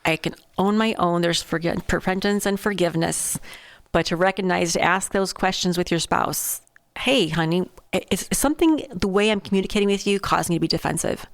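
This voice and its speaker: A woman's voice: lowish voice, brisk, no room sound. A woman co-hosting a podcast about marriage, reflective, often voicing quoted lines in conversation. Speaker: podcast co-host. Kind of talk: casual marriage chat.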